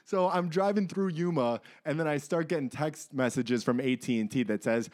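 A man co-hosting a casual podcast, trading quick jokes and wisecracks. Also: a little high, a little mellow. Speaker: podcast co-host. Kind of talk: casual banter.

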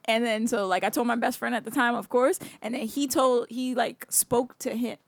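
A woman's voice: on the high side, fairly even intonation, moderate pace, vocal fry, no room sound. A young woman in her twenties, a podcast co-host telling stories in casual chat, slangy and laughing often.

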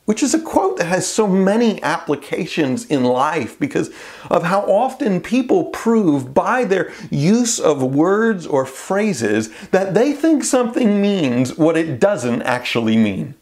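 A man's voice: on the high side, big pitch swings, takes it slowly, darkish tone. A man preaching a sermon as pastor, earnest and conversational with playful asides.

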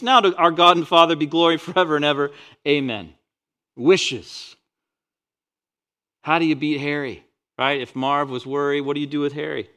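A man's voice: fairly high pitch, steady tone, moderate pace, pauses often. Man preaching with rising intensity. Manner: dynamic preaching, rising loud on scripture, dropping soft on asides. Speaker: pastor. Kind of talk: sermon.

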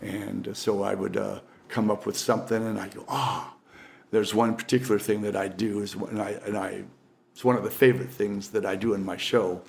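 Gravelly older man telling stories. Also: on the low side, little pitch movement, fairly quick, a little mellow, a little hiss or hum. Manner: rambling, with frequent restarts and laughs. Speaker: professional magician, interview guest. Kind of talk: casual storytelling in an interview.

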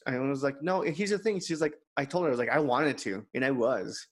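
A man's voice: mid-range voice, quick pace. Man telling a personal story. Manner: candid storytelling, quotes others in his own voice. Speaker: podcast co-host. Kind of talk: casual chat.

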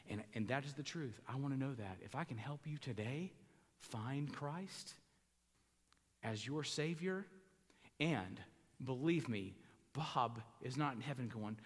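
A man's voice: mid-range voice, measured pace, breathy edge. Fiery Southern preacher man in echoing hall. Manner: fiery, building to loud preaching peaks. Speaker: pastor. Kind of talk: funeral sermon. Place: church sanctuary. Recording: long hall reverb.

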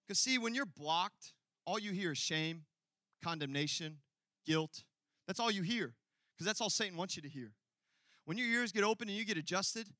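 A male pastor preaching a sermon, telling a personal story and building from quiet asides to loud, emphatic peaks. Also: high voice, dry recording.

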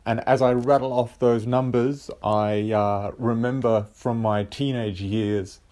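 A man's voice: medium pitch, fairly even intonation, a little slow, a little mellow, soft background music. A man with an Australian accent hosting a casual solo podcast, rambling with lots of ums and restarts. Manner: rambling, with many filler sounds and restarts. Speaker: podcast host.

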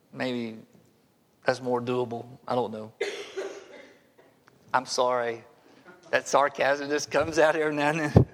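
High-voiced man preaching in reverberant hall. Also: fairly bright tone. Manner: conversational preaching with wry asides. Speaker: pastor. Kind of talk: sermon. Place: church sanctuary.

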